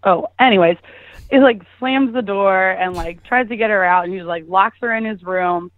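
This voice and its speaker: A woman's voice: medium pitch, moderate pace. Chatty young woman on a tinny phone line. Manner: chatty, laughing, lots of "like" fillers. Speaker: caller guest. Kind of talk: casual storytelling.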